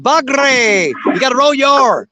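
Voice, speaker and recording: A man's voice: high-pitched, animated, moderate pace, a bit bright, a little hiss or hum. A man hosting a casual livestream, greeting viewers by name in a folksy, drawling way. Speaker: livestream host. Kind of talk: casual livestream chat reading viewer comments.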